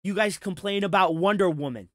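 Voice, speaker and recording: A man's voice: high-pitched, fairly quick, a bit bright, no echo, studio quality. A man giving heated, profane reaction commentary, talking with sarcasm and frustration. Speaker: commentary streamer.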